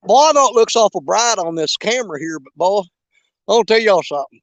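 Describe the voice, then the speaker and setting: Man, high-pitched, casual joking livestream host by the riverbank, dry close sound. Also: lively intonation, a little fast, no room sound. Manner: folksy, joking, rambling with fillers. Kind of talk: casual live chat while bank fishing. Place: outdoors on a riverbank at dusk.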